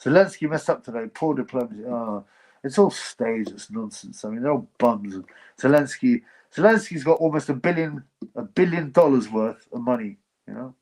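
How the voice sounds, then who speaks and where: A man's voice: mid-range voice, expressive, normal speed, a little mellow, rough recording. A man hosting a casual livestream, reading chat comments and giving blunt, rambling opinions. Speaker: livestream host.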